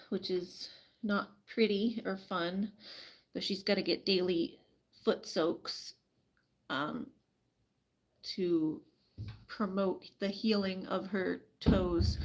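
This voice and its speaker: A woman chatting casually on a live stream, full of fillers, cooing softly to her hen while she tends it. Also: on the high side. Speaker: streamer caring for her animals.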